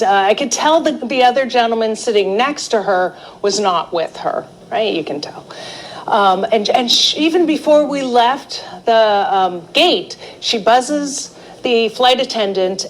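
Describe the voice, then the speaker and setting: Slow, chatty woman teaching a class. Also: fairly high pitch, a little hiss or hum, low-quality recording. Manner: chatty, animated storytelling with frequent laughs. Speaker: art therapy instructor. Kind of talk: live teaching with personal anecdote. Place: indoor class or seminar room.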